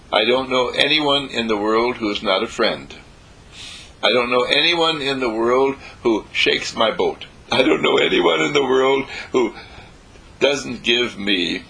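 A man's voice: lowish voice, vocal fry, bright, forceful tone, slightly rough, low-quality recording. A man giving an inspirational lecture, exuberant and laughing often, building his points through repeated affirmations. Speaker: motivational speaker.

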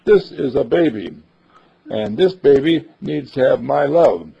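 A man's voice: medium pitch, sing-song, a little slow, creaky, slightly rough, heavily acted. A man voicing a big, loving mastiff dog that guards a baby, in a sermon story. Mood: tender, content. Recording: dull lo-fi recording.

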